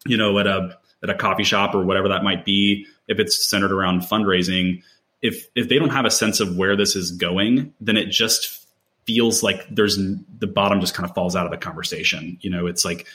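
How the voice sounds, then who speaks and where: A man's voice: low-pitched, fairly even intonation, moderate pace, sharp tone. A man in casual conversation, talking in a rambling way with many fillers and restarts.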